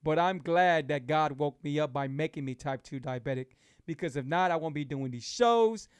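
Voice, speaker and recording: A man's voice: on the high side, moderate pace, clear, resonant tone, dry recording, clean studio sound. A middle-aged man, hosting a casual live talk for his viewers. He speaks with emphatic, repetitive, preachy encouragement. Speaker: host of a keto lifestyle show.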